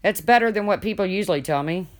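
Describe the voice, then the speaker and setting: A woman hosting a casual livestream, reading viewer comments aloud and chatting, with a deep voice people mistake for a man's. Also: expressive, fast. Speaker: livestream host.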